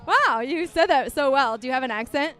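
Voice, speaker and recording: A woman's voice: high-pitched, animated, fairly quick, a bit bright, faint music behind. A woman co-hosting a casual podcast in a bar, bubbly and teasing with her guests. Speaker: podcast co-host.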